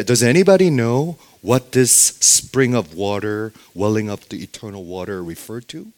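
Guy preaching, keeps asking okay?, goes loud then almost whispers, middle pitch. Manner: emphatic, asks the audience questions, frequent "okay?"; sudden drops to very soft, near-whispered emphasis. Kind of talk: sermon.

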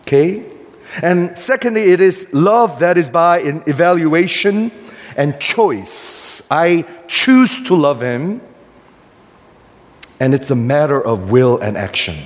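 A man's voice: fairly high pitch, expressive, slow. Emphatic preacher man in a reverberant hall. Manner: emphatic, questioning, rhetorical preaching. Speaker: pastor. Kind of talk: sermon.

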